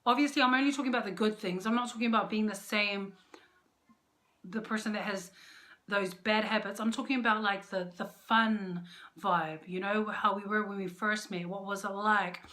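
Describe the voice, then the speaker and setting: A woman's voice: mid-range voice, fairly even intonation, normal speed, bright, forceful tone. A young woman chats to camera about her marriage in a loose, unscripted way. She is frank and playful, and often pokes fun at her own flaws. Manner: candid, playful and self-mocking. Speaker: vlogger. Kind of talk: casual advice chat to camera.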